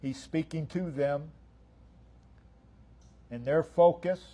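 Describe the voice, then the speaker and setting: Man pastor preaching slow, kinda high voice, punches single words then drops quiet. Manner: emphatic preaching, stresses single words, swings loud and soft. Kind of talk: sermon. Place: church sanctuary.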